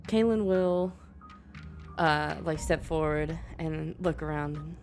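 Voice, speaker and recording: A woman's voice: sits low, slow, darkish tone, faint music behind. A woman playing in a tabletop game, hesitantly describing her character's actions in the third person. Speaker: player.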